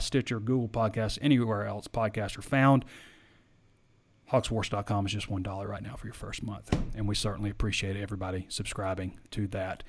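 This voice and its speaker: A man hosting a sports podcast, chatting casually and answering listener questions in a rambling, hesitant way, his voice wearing thin. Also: fairly low pitch. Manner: rambling, hesitant, repeats himself.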